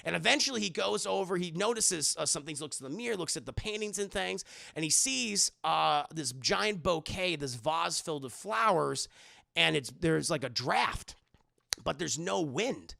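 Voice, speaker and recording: Gravelly, animated young man retelling a film. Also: fairly high pitch, normal speed, no room sound, studio quality. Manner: acts out each character's lines in shifting voices, swears freely. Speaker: streamer reviewing a movie. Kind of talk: animated retelling to a live chat.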